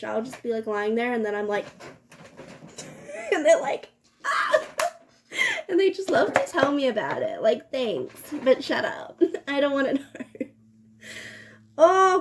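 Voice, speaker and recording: Young woman doing makeup on camera, laughy casual chat, bit high and gravelly. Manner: casual, giggly, swears often. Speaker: beauty vlogger. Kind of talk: get-ready-with-me chat.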